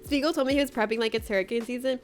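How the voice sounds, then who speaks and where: A woman's voice: on the high side, racing, faint music behind. A young woman streamer chatting casually with her viewers, bubbly and laughing often as she greets them by name. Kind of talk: casual livestream chat with viewers.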